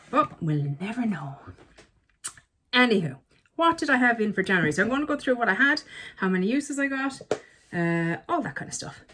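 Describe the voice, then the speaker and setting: A woman's voice: a little high, a bit bright, slight background noise. Chatty self-mocking woman. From Ireland. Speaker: beauty vlogger. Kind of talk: casual chat.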